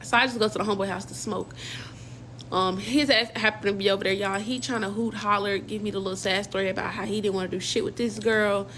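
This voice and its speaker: A woman's voice: medium pitch, fairly even intonation, fast, a bit bright, slight background noise. A young woman casually telling a personal story in slang, acting out quoted dialogue as she goes. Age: young adult.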